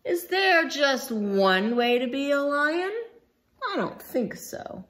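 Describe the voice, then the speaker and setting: A woman reading a picture book aloud for young children. She takes her time, and her voice swoops up and down with a lot of expression. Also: high-pitched. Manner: slow, expressive, melodic. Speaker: storybook reader.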